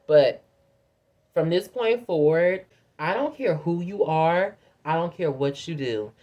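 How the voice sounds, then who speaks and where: A young woman vents to her viewers in a casual storytime rant, blunt and heavy on swearing. Her voice sits fairly low, yet it swings widely up and down as she acts out what others said. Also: slow, muffled recording. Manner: profane, blunt, animated storytelling with put-on quotes. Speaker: vlogger.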